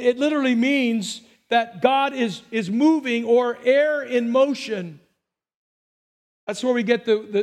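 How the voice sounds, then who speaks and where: High-voiced pastor preaching a sermon. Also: male voice. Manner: earnest, repeats words when starting phrases. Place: church service.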